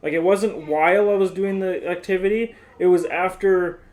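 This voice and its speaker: Young man, high voice, animated exasperated storyteller, casual vlog chat. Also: moderate pace. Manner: animated, exasperated retelling with many "like"s. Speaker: vlogger telling his story.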